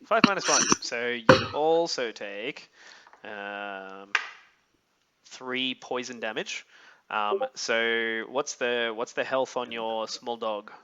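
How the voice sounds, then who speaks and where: A man narrating a tabletop game as game master, describing scenes in a halting, thoughtful way with many pauses. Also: mid-range voice, sharp tone, lo-fi sound, slight background noise.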